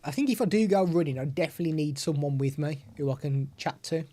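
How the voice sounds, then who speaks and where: A man's voice: fairly high pitch, fast, dark tone. A man chatting casually while demoing audio gear on a desk mic. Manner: chatty, hands-on explaining. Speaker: tech reviewer. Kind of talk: product demo vlog. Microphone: desktop USB/XLR microphone.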